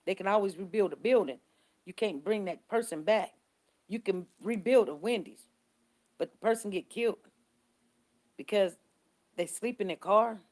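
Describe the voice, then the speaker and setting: A woman vlogger with a mid-range voice chats on a casual live stream, telling stories and answering viewers' comments. She talks at a moderate pace, pausing often, and her animated, conversational storytelling tends to circle back over the same points.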